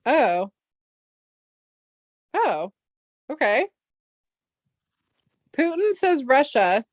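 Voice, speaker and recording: A woman's voice: sits high, very animated, very slow, long pauses, no room sound. A woman vlogger ranting casually and heatedly, swearing often and rambling with restarts.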